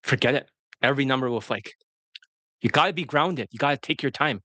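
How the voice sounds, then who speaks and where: A man's voice: mid-range voice, brisk, pushed and bright, no echo. A man coaching students on dating in casual livestream talk, blunt and rambling, with frequent swearing.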